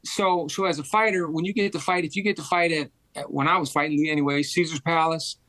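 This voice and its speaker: A man in his fifties, a former boxing champion, telling animated stories in a casual interview and repeating phrases for emphasis. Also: fairly high pitch, brisk, no room sound.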